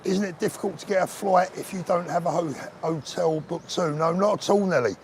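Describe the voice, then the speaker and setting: A man's voice: high-pitched, a little fast, darkish tone, slight background noise. A man hosting a casual live stream while walking outdoors, chatting to viewers by name in a bantering way. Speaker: vlogger host reading live chat. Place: outdoors on a street.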